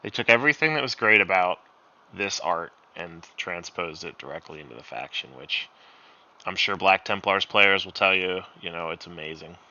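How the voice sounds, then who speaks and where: A man co-hosts a casual chat with a lively, animated delivery and frequent laughter. His voice sounds strongly bright and forward. The recording is dry and slightly dull. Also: sits low, normal speed, dry recording. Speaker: co-host.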